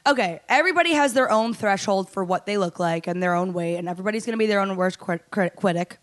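A woman's voice: medium pitch, fast. A woman in casual podcast chat, talking earnestly and reflectively, thinking aloud with fillers.

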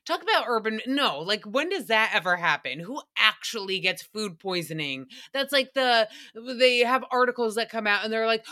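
Bright-voiced chatty woman podcaster. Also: a little high, animated, moderate pace, hardly any pauses. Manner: chatty, sarcastic, rambling with tangents and laughs. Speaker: podcast host. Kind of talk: solo recap podcast, casual chat.

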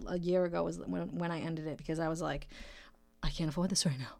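A woman's voice: fairly low pitch, fairly even intonation, brisk, gravelly, a little mellow, no room sound. A woman from Massachusetts, around her thirties, hosting a casual solo podcast and rambling with jokes and profanity. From Brockton, Massachusetts, USA. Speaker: podcast host; nurse.

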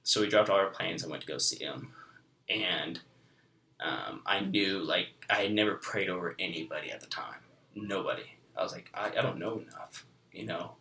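Low bright-voiced young man, rambling. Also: moderate pace, vocal fry, slight background noise. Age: 20s. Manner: rambling, full of fillers like "you know, like". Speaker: guest. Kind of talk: heartfelt personal testimony. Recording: echoey room.

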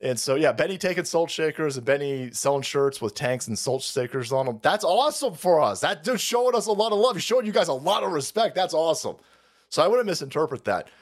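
A man hosting a live stream, delivering a crude, heated rant that swings into loud outbursts and laughter. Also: a little high, lively intonation, brisk. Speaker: show host.

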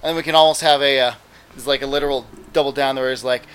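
A man's voice: medium pitch, steady tone, quick pace, fairly bright tone, clean tone. A man co-hosting a casual chat, adding ideas in a laid-back way. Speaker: podcast co-host.

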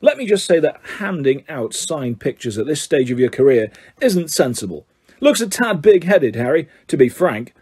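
Man reading as vain teacher; jovial, patronising, mellow, slightly husky. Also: a little high, big pitch swings, normal speed.

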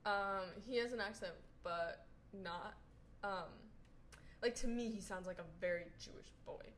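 Young woman from new york, no accent, relaxed casual chat, swears casually, faint noise behind. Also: medium pitch, a little slow. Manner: laid-back, swears casually, giggly. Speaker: podcast co-host.

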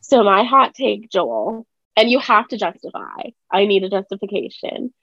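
A woman's voice: medium pitch, moderate pace, vocal fry, a bit bright, no echo. Young woman co-host, emphatic chatty delivery, dry and slightly muffled recording. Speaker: podcast co-host. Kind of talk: casual chat.

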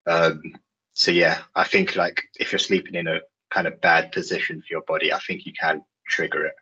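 A man with a very low, husky voice that still has a bright, forceful edge. He chats in a relaxed, reflective way, and the recording sounds dull and lo-fi. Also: moderate pace. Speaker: podcast co-host. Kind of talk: casual chat.

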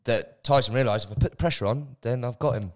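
A man's voice: medium pitch, fast talker. A man co-hosting a casual podcast, telling stories animatedly and swearing casually. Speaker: podcast co-host.

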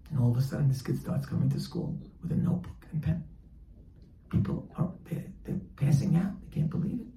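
A man's voice: a little high, very animated, a little fast, creaky, dark tone, roomy sound, rough recording. Man preaching with a dramatic parable. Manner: dramatic, acts out dialogue in a parable. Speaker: religious teacher. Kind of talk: sermon with storytelling.

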